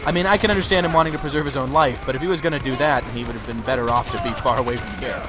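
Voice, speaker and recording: A man's voice: mid-range voice, racing, noisy background. A man giving casual, teasing commentary while his friend plays a video game. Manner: joking, teasing banter. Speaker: let's play co-commentator. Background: game music.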